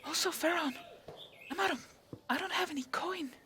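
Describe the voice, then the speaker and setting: A man's voice: very high-pitched, moderate pace, pushed and bright. A man voicing a small, carefree female creature in a tabletop game, with a breezy, offhand manner. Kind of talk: tabletop role-play voice.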